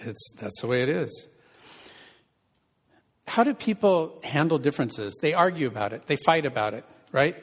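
A man's voice: on the high side, big pitch swings, normal speed, long pauses. A man preaching a sermon as pastor and counselor, conversational and asking the congregation questions. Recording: reverberant hall.

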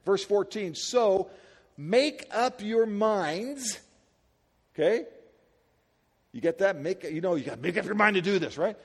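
A male pastor delivering an energetic sermon, speaking high and swinging widely between loud peaks and quiet asides. He peppers his congregation with rhetorical questions in a casual, conversational way. His voice carries a long reverb from a large hall. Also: normal speed, creaky, husky.

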